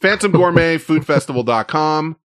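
A man's voice: a little high, expressive, normal speed, a bit bright, no echo. Man, stream host, casual chat, rambling, swears a lot, dry close sound. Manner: loose, profane, rambling.

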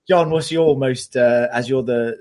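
A man's voice: medium pitch, measured pace, very noisy. A man co-hosting a podcast, chatting in a jokey way and laughing often. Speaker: podcast co-host. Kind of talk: casual chat.

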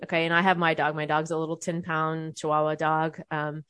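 A woman's voice: low voice, monotone, brisk, fairly bright tone, clear, resonant tone, dry recording. A young adult woman telling a personal story to her viewers, candid and conversational, swearing freely and restarting her sentences often. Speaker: vlogger.

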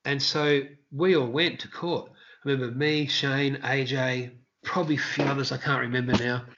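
This is a man at a normal pace, a past street performer, telling stories in a relaxed interview and animatedly imitating the people he quotes with high shouts. The background is noisy and the high frequencies are cut off.

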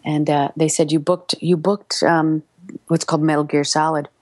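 Middle-aged woman telling career stories on a podcast, lowish voice, dry mic, jumps way up when she quotes people. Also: normal speed, no echo. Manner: animated anecdote-telling, acting out quoted voices with big pitch jumps. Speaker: voice actress and audiobook narrator guest. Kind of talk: casual storytelling interview.

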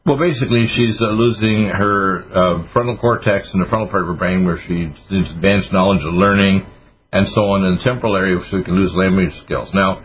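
Fast-talking deep-voiced man on radio. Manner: rambling, sarcastic asides. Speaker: radio host doctor. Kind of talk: casual radio talk. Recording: dull lo-fi radio audio with faint noise.

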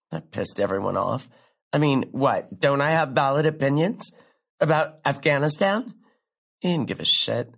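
An actress playing a catty former classmate at a reunion, fake-sweet and passive-aggressive, saying "like" a lot. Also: female voice, extremely low pitch, heavily acted. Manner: peppers speech with "like". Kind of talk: contemporary stage drama dialogue.

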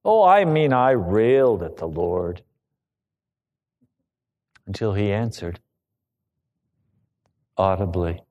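A man preaching a sermon, telling a personal story with emotion that rises to loud pleading. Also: fairly low pitch, expressive, slow pace, pauses often. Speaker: pastor.

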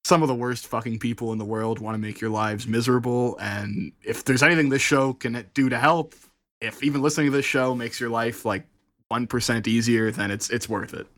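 A man's voice: medium pitch, steady tone, brisk, a bit bright, no room sound. A man co-hosting a podcast, talking casually and earnestly, with a lot of swearing. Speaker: podcast co-host. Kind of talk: casual chat.

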